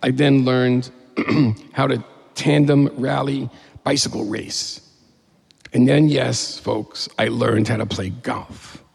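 A middle-aged man with a very gravelly, husky voice tells a personal story on stage. He talks in an easy conversational way and turns to the audience with asides. His voice rings out in a large hall with a long reverb. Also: medium pitch, darkish tone. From upstate New York.

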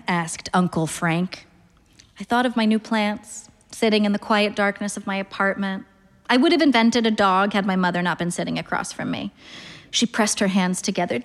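A woman's voice: mid-range voice, normal speed, big-room sound. A woman reading first-person literary fiction aloud in a wry, understated way. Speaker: narrator.

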